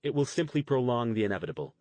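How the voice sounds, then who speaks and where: A man voicing a composed henchman who speaks in a calm, polite, unruffled way. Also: medium pitch, racing, no room sound, natural voice. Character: smooth composed male henchman in a suit.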